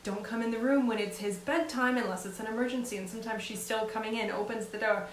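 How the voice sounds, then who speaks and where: A woman's voice: fairly high pitch, quick pace. Earnest woman coach in an echoey room. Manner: earnest, encouraging, conversational with frequent "right?". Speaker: life coach. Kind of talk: casual advice talk. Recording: echoey room with faint hiss.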